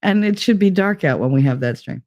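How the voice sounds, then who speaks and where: A woman's voice: on the low side, expressive, brisk, darkish tone, muffled recording. A middle-aged woman chats loosely with her viewers, drifting from story to story. She laughs often and leans on fillers as she reads out the chat. She talks from a room with bare walls and no curtains. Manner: rambling and chatty, with frequent laughs and fillers. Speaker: live streamer reading chat. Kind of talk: casual live-stream chat.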